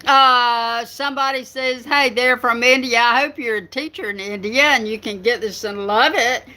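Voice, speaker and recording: Her voice is fairly high with a sharp tone and a moderate pace as this older woman, Southern US accent and all, hosts her writing channel. The casual live stream chat is rambling and heavy on fillers.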